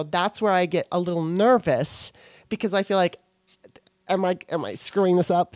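A woman's voice: on the low side, darkish tone, no room sound, clean studio sound. A woman from Baltimore hosting a podcast, talking in a candid, rambling way, often restarting her sentences. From Baltimore, Maryland. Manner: rambling, self-correcting, candid. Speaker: podcast host. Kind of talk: casual conversation.

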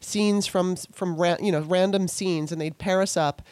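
A woman hosting an interview, a former actor telling a lively story in casual chat with many restarts. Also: on the low side, moderate pace, no room sound. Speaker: podcast host and former actor.

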